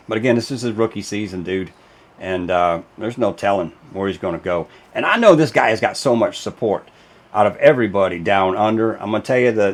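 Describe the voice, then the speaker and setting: A man with a fairly low-pitched voice hosts a racing show in a casual commentary video. He talks casually but emphatically, with lots of fillers and restarts.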